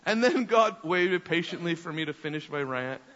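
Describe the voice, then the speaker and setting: A man preaching a sermon, telling a story in an animated way and often repeating his words. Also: a little high, normal speed. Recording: echoey hall, dull lo-fi sound.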